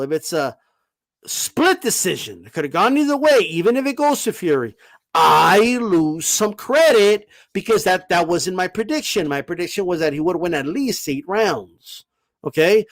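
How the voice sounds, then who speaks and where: A man with a high voice that swings widely in pitch holds forth as a boxing channel host. He talks emphatically, swears, and keeps checking in with "okay?". When he gets heated he stammers through quick restarts, and the sound is dry and close. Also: no echo. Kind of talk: casual opinion monologue.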